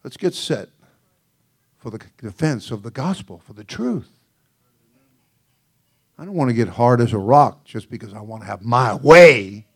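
A man's voice: medium pitch, animated, measured pace, pauses often, husky. A male senior pastor preaching a sermon in a folksy, joking way, often laughing and calling out "oh, brother.".

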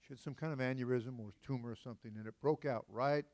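A man's voice: mid-range voice, fairly even intonation, quick pace, darkish tone. A man preaching as senior pastor in a church, in a conversational style full of folksy, joking asides to the congregation. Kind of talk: conversational sermon. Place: church sanctuary.

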